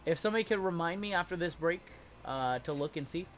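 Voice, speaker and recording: A man hosting a live-stream card break, chatty and reading lists of names quickly. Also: a little high, expressive, slight background noise.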